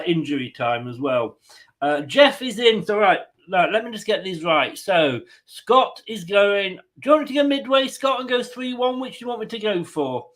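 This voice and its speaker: A man's voice: high-pitched, a bit bright, rough recording. An English man hosting a football watchalong stream, chatting casually, joking and greeting viewers by name. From England. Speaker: host of a football watchalong livestream. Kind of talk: casual chat reading viewers' comments.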